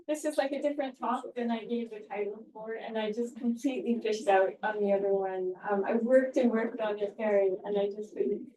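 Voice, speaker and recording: A woman speaking at an academic conference, giving a halting, heartfelt tribute with many fillers, recorded in a lecture room. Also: medium pitch, fairly even intonation, dark tone. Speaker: invited speaker. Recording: echoey room, distant mic.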